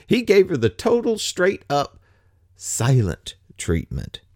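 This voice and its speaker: A man preaching a casual sermon, wry and animated, slipping from scripture into slangy paraphrase. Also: a little high, takes it slowly, no room sound, clean studio sound.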